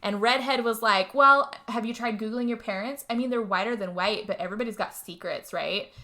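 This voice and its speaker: Young woman podcast co-host, bright and forceful voice; lively, profane movie recap with acted-out lines. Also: fairly high pitch, brisk. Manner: animated storytelling, swearing, acts out character lines. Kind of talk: casual chat.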